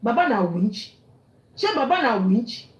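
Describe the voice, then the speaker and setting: A woman's voice: on the high side, big pitch swings, a little slow, echoey room, rough recording. A woman with a Nigerian accent ranting angrily and scolding, mixing English, Pidgin and Yoruba. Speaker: online commentator. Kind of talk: angry rant.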